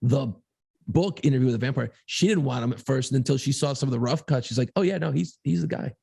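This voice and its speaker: Male podcast co-host, easygoing rambler, gravelly husky voice. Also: mid-range voice, quick pace, warm tone, dry recording, clean studio sound. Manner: rambling, easygoing, swears casually. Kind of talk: casual chat about movies.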